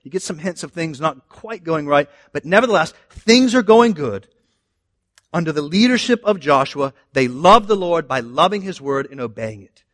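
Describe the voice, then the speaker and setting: A man preaching a sermon in an animated way, moving between loud emphasis and quiet asides. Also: on the high side, moderate pace, no echo, clean studio sound. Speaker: pastor.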